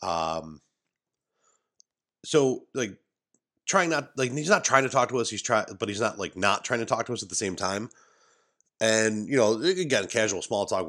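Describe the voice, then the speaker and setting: Low-voiced rambling storyteller man. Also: fairly bright tone. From Western New York. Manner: rambling, many restarts and asides. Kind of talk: casual storytelling. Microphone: studio mic, adjusted mid-talk.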